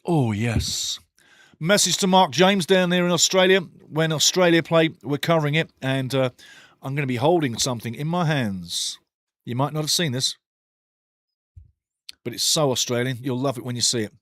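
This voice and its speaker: A man hosting a live match watchalong, calling the play and answering chat in an animated, opinionated way. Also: moderate pace, no room sound, clean studio sound. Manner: animated, opinionated, swings from excited calls to low asides. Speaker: watchalong host commentating a match.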